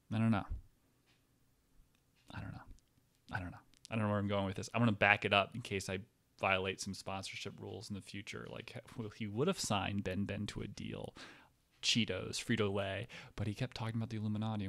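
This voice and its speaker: With a fairly low, fry-tinged voice, a man vlogs from an indoor chair. His casual rant to viewers wanders, is peppered with curses, and is broken up by his own interruptions.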